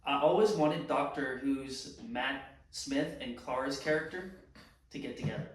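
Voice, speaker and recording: A man's voice: medium pitch, a little slow, far from the mic. A man talks casually as a podcast co-host, loose and chatty, with filler words running through his lines. His voice sits away from the mic in a strongly echoing room, with a faint noise floor underneath. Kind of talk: casual chat.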